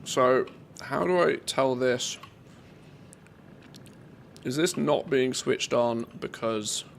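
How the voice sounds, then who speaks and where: A man's voice: mid-range voice, slow pace, gravelly, slight background noise. A man streaming a game live, thinking aloud and chatting casually with his viewers. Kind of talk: casual live-stream commentary while playing.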